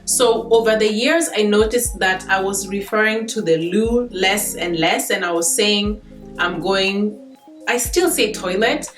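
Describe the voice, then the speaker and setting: A woman's voice: mid-range voice, unhurried, hardly any pauses, roomy sound, faint music behind. A Kenyan woman in her thirties, chatting casually to camera as a vlogger, laughing between points.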